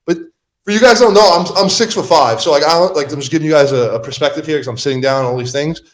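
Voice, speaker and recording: Young male podcast host, slightly high voice, lively storyteller who shouts out quotes. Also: fast. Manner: animated storytelling, acts out quotes loudly. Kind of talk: casual chat.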